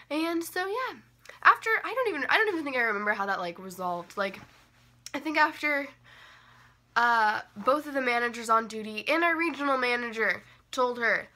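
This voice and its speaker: Bright, chatty young woman vlogger. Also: moderate pace. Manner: chatty, heavy use of "like" and "um" fillers; animated, jumps up in pitch for emphasis. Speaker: vlogger telling a story. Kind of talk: casual storytime chat.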